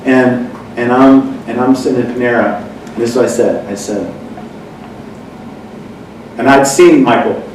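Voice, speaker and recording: A man telling a personal story in a casual chat, rambling and correcting himself as he goes. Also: medium pitch. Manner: rambling, self-correcting, animated when quoting others. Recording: echoey room from far off with noise.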